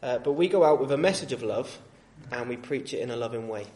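A male street preacher giving a sermon in a gentle, reasoning tone, with frequent fillers and restarts. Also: medium pitch, animated, quick pace.

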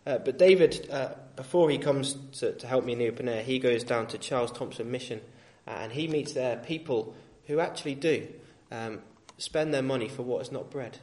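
A male street preacher giving a sermon in a gentle, reasoning tone, with frequent fillers and restarts. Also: mid-range voice, normal speed, hardly any pauses.

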